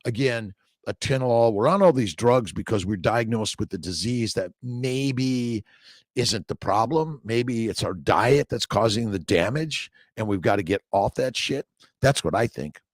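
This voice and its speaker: A man's voice: medium pitch, a little slow, no echo, studio quality. A middle-aged man, a doctor hosting a morning livestream, talking loosely and repetitively as he reads viewer comments, preachy and casually swearing.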